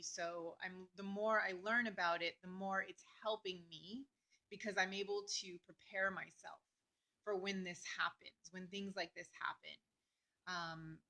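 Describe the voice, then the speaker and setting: A woman vlogger talking earnestly and openly about her feelings, with many fillers and pauses. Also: medium pitch, pushed and bright, low-quality recording. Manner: earnest, heartfelt, talks through emotion with many fillers. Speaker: astrology vlogger. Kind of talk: personal reflective talk to camera.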